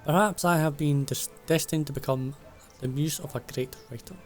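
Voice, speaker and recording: A man's voice: on the high side, normal speed, faint music behind, close to an everyday voice. A man reading game dialogue aloud as a flamboyant young woman traveller, grandiose and mystical, with flowery, theatrical phrasing.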